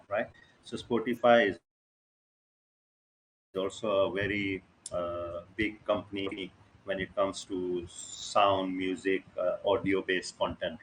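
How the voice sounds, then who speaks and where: A man's voice: low-pitched, slight background noise. A man running an online workshop, talking casually with many fillers and often checking that listeners follow. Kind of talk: casual live teaching over screen share. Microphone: video call.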